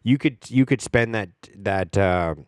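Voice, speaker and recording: A man hosts a podcast in a rambling, casual monologue full of fillers and the occasional swear word. His voice is on the low side, smooth and unhurried, with clean studio sound and no room echo.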